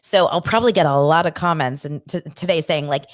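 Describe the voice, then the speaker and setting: A woman's voice: low-pitched, a little fast. A middle-aged woman hosting a casual live stream, chatty and upbeat, gushing like a proud mom. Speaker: host.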